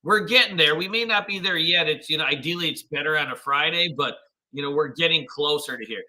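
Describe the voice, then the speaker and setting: A man's voice: a little high, a little fast, sharp tone, rough recording. A man hosting a live trading stream, greeting viewers with upbeat slang and walking through charts in casual commentary.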